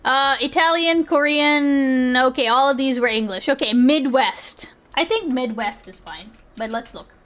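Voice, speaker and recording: A woman's voice: sits high, a little slow, hardly any pauses, a bit bright. A woman streaming, reacting to clips in casual, rambling commentary, giggling and swearing freely.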